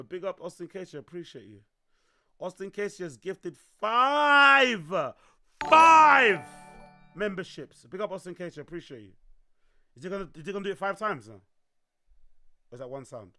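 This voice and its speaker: A young man, his voice worn hoarse, chatting loosely to his livestream audience, repeating himself and swearing as he goes. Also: on the high side, no room sound. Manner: loose, repetitive, swearing, talks to chat. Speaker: livestream host. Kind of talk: casual livestream chat.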